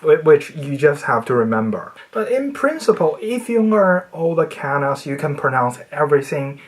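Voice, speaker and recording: A speaker with a voice at a mid pitch explains language in a casual, self-made video lesson. The delivery is playful and nerdy. It jumps up high on points of emphasis and drops off quietly at the tails of phrases. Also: sing-song, moderate pace. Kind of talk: casual educational monologue.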